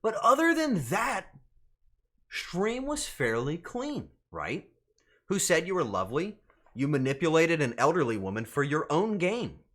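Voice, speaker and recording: A male streamer talking casually to his live chat in a bright, forceful voice. His pitch leaps all over the place as he bickers with viewers in flustered, swearing banter. He sits somewhat high for a man. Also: sing-song, a little slow.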